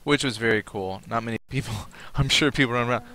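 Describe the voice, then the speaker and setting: A man's voice: medium pitch, fast, few pauses, pushed and bright. A man streaming a game live, chatting casually, thinking aloud and reading out viewers' comments. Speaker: livestream gamer.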